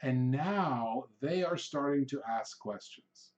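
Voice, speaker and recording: Middle-aged male podcast host, conversational teaching delivery, mid-pitched, plays out customer dialogue. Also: lively intonation, takes it slowly, highs cut off. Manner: conversational, acts out quoted customer exchanges. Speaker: real estate trainer, podcast host. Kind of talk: instructional talk.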